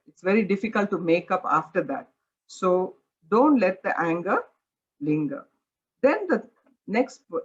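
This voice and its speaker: A woman leads a Bible study in an earnest, direct way, repeating her points and giving plain advice. Her pitch sits in a middle range. The recording sounds slightly dull and lo-fi.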